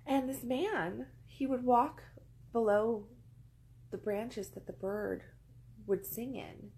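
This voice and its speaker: A woman's voice: a little high, takes it slowly, darkish tone, rough recording. A woman vlogger telling a casual, rambling story, repeating phrases for emphasis, settled among pillows indoors.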